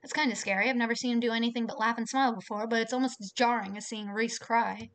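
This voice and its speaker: A woman's voice: on the high side, fairly even intonation, quick pace, a bit bright. Chatty young woman streaming a visual novel. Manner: reads game text aloud between chatty, exasperated asides.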